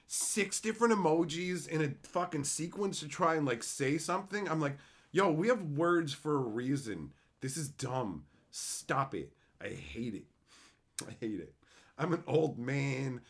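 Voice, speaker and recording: A middle-aged man from Canada hosting a casual livestream, ranting with heavy profanity and mocking silly voices. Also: a little high. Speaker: livestream host.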